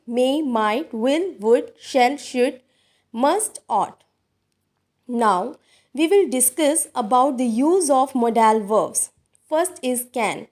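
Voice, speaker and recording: A woman teaching grammar in a recorded lesson, speaking deliberately and addressing her viewers as dear students. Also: sits high, a little mellow. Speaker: English teacher.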